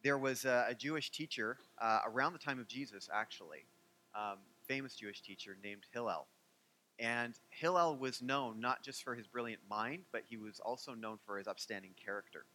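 A pastor preaching to his congregation in a bright, forceful voice. He is animated and joking, and he often stops on fillers as he tells a story. His pitch sits mid-range for a man. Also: moderate pace. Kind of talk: sermon.

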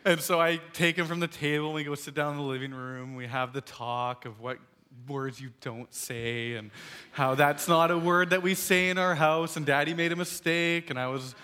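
Bright, animated man telling a story. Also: moderate pace, clear, resonant tone. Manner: animated, acts out quotes in a higher voice, laughs while telling. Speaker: speaker telling a story to an audience. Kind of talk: storytelling talk to a live audience.

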